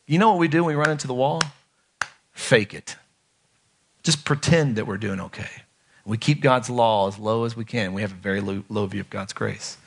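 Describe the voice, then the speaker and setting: A man preaching a sermon in a conversational, animated way, swinging between loud emphatic lines and hushed ones. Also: a little high. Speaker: pastor.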